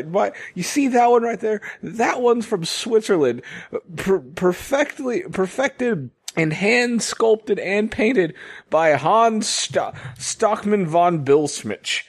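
A man voicing a pompous party host who shows off his gnome collection in a slow, drawn-out, boastful way. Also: sits high, animated, pitched above the performer's own voice, full character voice.

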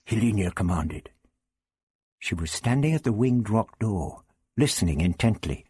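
A man narrating an audiobook in a measured storytelling manner. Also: on the low side, expressive, darkish tone, breathy edge, no room sound, studio quality. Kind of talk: scripted narration.

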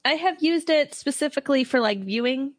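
A woman co-hosting a podcast in casual chat, playful and quick to laugh. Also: high voice, expressive, no echo. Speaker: podcast co-host.

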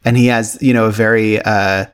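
A man's voice: on the low side, fairly even intonation, moderate pace, clean tone. A man being interviewed as the director of a fan remake, talking casually and rambling with frequent restarts and small laughs.

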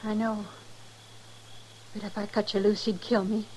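A woman's voice: medium pitch, level tone, unhurried, a little mellow, a little hiss or hum, natural voice, poor audio. An actress playing a nervous, timid young woman held captive, in 1950s radio drama style.

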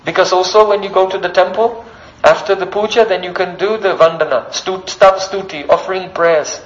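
A man's voice: high voice, fairly even intonation, normal speed, lo-fi sound. A man preaching a devotional sermon as a story, often checking in with the listeners by asking them questions.

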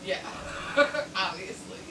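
A woman guest telling a story in a giggling, hesitant way on a radio show. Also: slow. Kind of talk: casual storytelling. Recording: distant, echoey, noisy.

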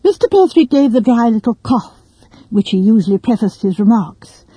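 A woman narrating a classic story in a measured, deliberate reading. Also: a little high, animated, dark tone, breathy edge, dry recording, low-quality recording.

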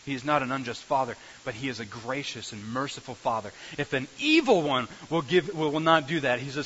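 A man preaching a sermon as a pastor, animated, repeating phrases and restarting sentences as he builds his points. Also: medium pitch, fairly quick, hardly any pauses. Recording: dull recording with faint hiss.

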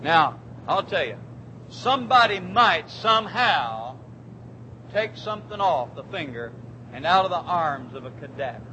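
A man preaching a sermon in a church, fervent, swinging from quiet, drawn-out words to shouted declarations. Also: on the high side, very animated, dull audio, slight background noise.

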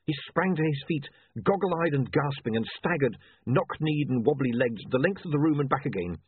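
A man narrating a story in a dry, measured way. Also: fairly high pitch, lively intonation, slightly rough. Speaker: audiobook narrator. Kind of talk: scripted narration. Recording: tinny phone-like, dry.

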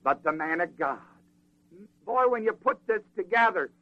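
A man preaching a sermon in a folksy, animated way, acting out the people in the scripture. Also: high voice, moderate pace, dry recording, lo-fi sound.

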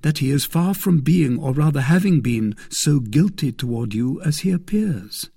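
Man reading a young swordsman, mellow, breathy, calm and persuasive. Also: on the high side, normal speed, voice pushed up, exaggerated voice. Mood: tender.

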